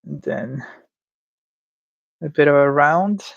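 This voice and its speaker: A man with a slightly high, gravelly voice speaks slowly in a dry, lo-fi recording. He's livestreaming from home as he draws game creatures, casually rambling to himself with stammers, restarts and playful asides.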